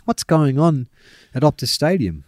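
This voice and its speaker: A man's voice: on the high side, very animated, measured pace, darkish tone, no room sound, studio quality. A young Australian man co-hosting a casual sports podcast, self-mocking, laughing often and trailing off with fillers. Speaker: podcast co-host.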